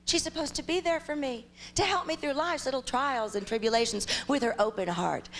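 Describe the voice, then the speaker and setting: A young adult woman from Ohio performing a stand-up comedy set with animated, exaggerated storytelling on a live stage. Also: high-pitched, a little fast, few pauses, a little hiss or hum.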